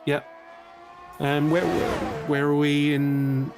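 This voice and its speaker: A man's voice: fairly high pitch, little pitch movement, slow pace, vocal fry, music in the background. Laid-back male racing co-commentator. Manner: laid-back, jokey banter. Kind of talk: casual live race commentary.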